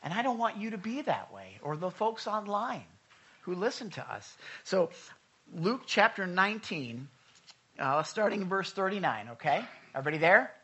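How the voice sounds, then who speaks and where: Bright, animated male preacher. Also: high voice, normal speed, breathy edge, highs cut off. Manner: conversational, swings from loud urging to hushed reading. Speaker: pastor. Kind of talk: sermon.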